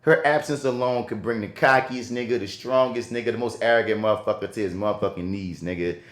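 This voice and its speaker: A man's voice: lowish voice, fast. Profane, emphatic man in a roomy echo. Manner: profane, emphatic slang-heavy storytelling. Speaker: podcast co-host. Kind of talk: casual chat.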